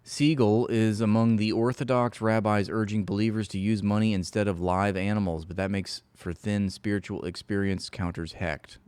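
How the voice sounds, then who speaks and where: A man's voice: lowish voice, normal speed, hardly any pauses, darkish tone, clean tone, no echo. A man streaming, reading an article aloud with sarcastic, mocking running commentary. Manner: sarcastic, mocking, frequent laughs.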